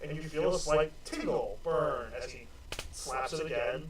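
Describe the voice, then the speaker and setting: A man's voice: a little high, moderate pace, a little hiss or hum. A man running a tabletop game as game master, narrating loosely and with a lot of fillers. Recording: very echoey room, mic far off.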